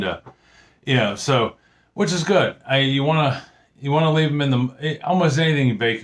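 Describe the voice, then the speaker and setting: A middle-aged man talks casually into a camera at his table, in a slightly low voice. His speech wanders in a friendly way, with lots of fillers, restarts and asides. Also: a bit bright. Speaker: home cooking vlogger. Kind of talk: casual chat.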